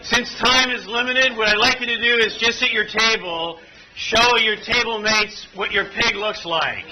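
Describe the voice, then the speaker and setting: Man, very high voice, workshop presenter, playful storyteller, jokes with audience, noisy room recording. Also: steady tone, measured pace. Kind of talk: interactive training demonstration. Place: conference room with audience at tables.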